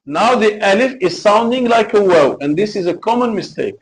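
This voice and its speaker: A man's voice: sits high, lively intonation, moderate pace, poor audio. A man teaching Quran recitation in a live lesson, explaining carefully and chanting example verses.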